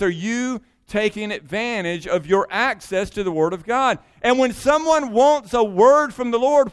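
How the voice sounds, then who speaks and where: A man's voice: sits high, smooth. A man preaching a sermon in a conversational way, with emphatic asides. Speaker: pastor.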